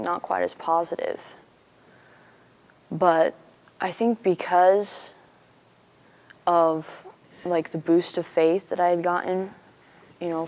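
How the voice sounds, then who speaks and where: A young university student from Missouri giving an earnest, chatty personal faith testimony. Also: female voice, lowish voice, a little mellow. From Missouri, USA. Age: young adult.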